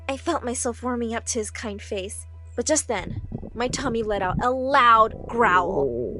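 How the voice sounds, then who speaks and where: A woman's voice: a little high, moderate pace, soft background music. A woman narrating a first-person storytime and acting out the dialogue. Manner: animated, acts out the dialogue.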